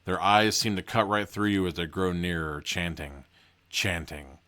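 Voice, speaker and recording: Man, podcast host, low voice, casual read-aloud, joking asides. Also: fairly even intonation, a little slow, sharp tone.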